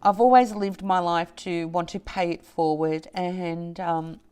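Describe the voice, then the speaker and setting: A woman vlogger chatting to camera, slow and halting with restarts and soft laughs, teary and emotional. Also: lowish voice, steady tone, clean tone. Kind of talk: emotional casual chat to camera.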